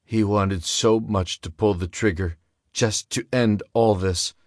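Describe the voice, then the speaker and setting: A male audiobook narrator with a low-pitched voice, reading in a steady, measured way. The sound is dry and close, with no room echo. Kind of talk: scripted narration.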